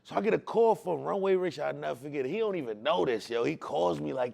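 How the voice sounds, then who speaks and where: A man telling his personal faith testimony in casual slang, emotional, repeating words for emphasis, swinging between hushed and loud. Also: fairly high pitch, expressive, fast talker, creaky. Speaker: testimony speaker.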